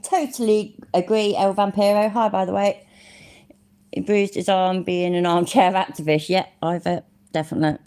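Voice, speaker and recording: A woman's voice: medium pitch, fairly even intonation, normal speed, warm tone. A British woman hosting a casual reaction livestream, mocking the clip, laughing often and thanking chatters by name. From United Kingdom. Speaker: livestream commentator reading chat.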